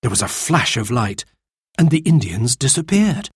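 A man reading a children's storybook aloud in a slow, lively narration. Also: medium pitch, breathy edge, no echo, clean studio sound.

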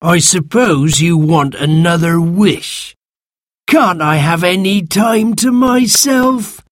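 Weary storybook sand fairy, cranky and slow, high and husky, as a man puts him on. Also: no room sound, studio quality. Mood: grumpy, weary. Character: grumpy tired male sand fairy.

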